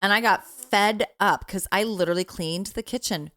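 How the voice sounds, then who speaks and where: A middle-aged woman chatting casually on a podcast as a mother, animated, laughing often and swearing freely. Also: mid-range voice, normal speed. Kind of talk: casual chat.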